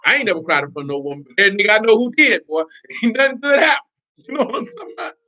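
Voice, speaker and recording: Fast, blunt street-talking male preacher. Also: sits high, expressive, sharp tone. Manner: streetwise, blunt, laughing asides. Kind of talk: informal religious teaching. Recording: dull lo-fi recording.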